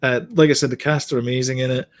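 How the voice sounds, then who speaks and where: A man's voice: mid-range voice, steady tone, fast. A man co-hosting a podcast, giving blunt opinions in casual chat with many ums and restarts. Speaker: podcast co-host.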